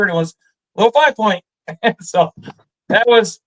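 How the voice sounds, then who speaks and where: A man with a Michigan accent telling a hunting story in a relaxed chat, animated and laughing often. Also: sits high, fairly quick, rough recording. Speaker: guest storyteller. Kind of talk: casual storytelling.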